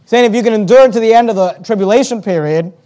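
A man with a very high-pitched voice preaches a sermon. He reads scripture aloud in old-fashioned wording, then explains it plainly and argues his point with emphasis. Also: fast, warm tone.

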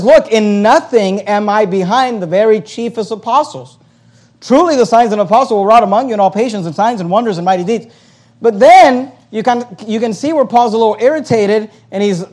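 A man preaching a sermon from the pulpit, reading scripture aloud and then paraphrasing it with a sarcastic, animated delivery. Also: high voice. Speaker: pastor.

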